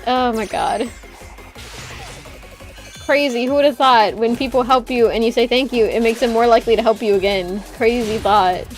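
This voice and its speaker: A woman's voice: on the high side, moderate pace, soft background music. A woman streamer chatting casually while gaming, ranting with swearing and laughs.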